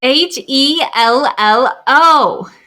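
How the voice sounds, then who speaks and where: A woman voicing a cold, deadpan woman tied to the mafia, with a wobbly mock German accent and curt, flat lines. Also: lowish voice, unhurried, slight background noise, natural voice. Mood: cold, dismissive.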